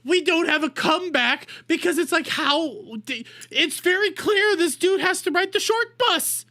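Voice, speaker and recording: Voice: extremely high pitch, moderate pace, pushed and bright. A streamer giving casual reaction commentary in crude, profane, mocking rants.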